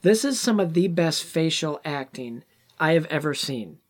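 A man's voice: fairly high pitch, lively intonation, moderate pace. A man in casual chat about a film, retelling scenes animatedly and acting out the characters' lines. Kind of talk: casual movie discussion.

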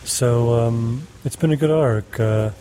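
Mellow, hesitant man on a set. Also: medium pitch, takes it slowly. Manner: hesitant, many filler sounds. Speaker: actor interviewed on set. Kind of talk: casual behind-the-scenes chat. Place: indoor green-screen stage.

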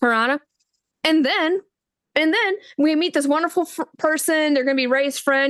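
A woman's voice: high voice, moderate pace. A woman co-hosting a book podcast, chatting casually and acting out scenes in little voices. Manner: animated, gushing, acts out scenes in voices. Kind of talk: casual chat.

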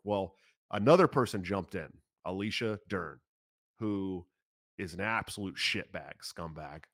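A man in his thirties tells a personal story in a low voice, swearing freely and talking fast. His delivery is animated and casual. The recording is dry and close, with no room sound. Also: no room sound. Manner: profane, animated, talks fast. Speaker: political candidate.

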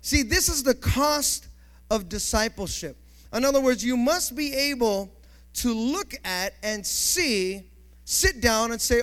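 A male pastor preaching a sermon emphatically, building to shouts and calling for responses from the congregation. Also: very high voice, expressive, slow.

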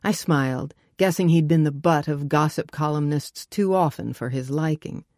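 A woman with a notably low voice narrates a first-person audiobook. Her telling is wry and brisk, recorded dry and close with no room sound. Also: a little mellow, no room sound.

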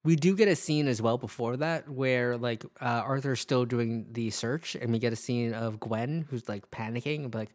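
A podcast co-host recapping a TV episode in casual chat, giggly and animated. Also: medium pitch, normal speed, hardly any pauses. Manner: giggly and animated, often laughing mid-sentence.

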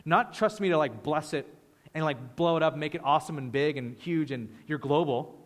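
A man's voice: on the high side, normal speed, long reverb tail. A man preaching a sermon with passion, acting out the voices of people praying. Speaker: pastor.

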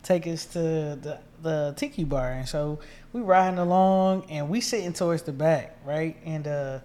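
A man co-hosting a casual chat, narrating a travel mishap in a relaxed way. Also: on the high side, measured pace. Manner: relaxed storyteller, quotes people as he goes. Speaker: podcast co-host.

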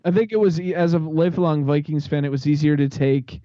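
A man with a Minnesota accent talks casually as a podcast guest, laughing easily and stumbling over restarts. His voice sits a bit high, and the sound is dry and muffled. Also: fairly quick, mellow, no room sound. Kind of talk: casual chat.

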